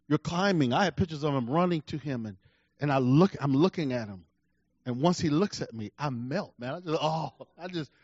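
A man preaching a sermon, swinging between loud shouts and hushed, intimate lines. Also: a little high, no room sound, lo-fi sound. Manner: animated, swings from shouts to near-whispers.

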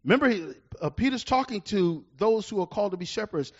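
A middle-aged male pastor preaching a sermon, building to loud emphatic bursts and slowing down to read verses. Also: sits high, expressive, muffled recording.

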